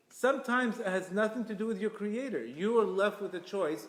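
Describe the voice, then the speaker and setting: A man giving an inspirational religious talk, emphatic and repetitive, with sudden loud bursts. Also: sits high, moderate pace, few pauses. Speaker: Torah teacher. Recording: echoey hall reverb.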